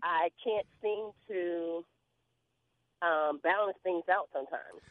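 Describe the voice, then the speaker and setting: A woman calls in to a radio show, speaking hesitantly and haltingly with many ums. Her voice comes through a narrow, tinny phone line. The sound is dry, with no room echo. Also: fairly low pitch. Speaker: caller.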